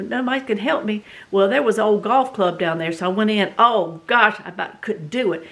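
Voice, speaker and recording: A middle-aged woman with a Southern US accent tells a story in a casual, animated, dramatic way, full of fillers. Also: mid-range voice, fast, creaky, few pauses. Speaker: vlog host.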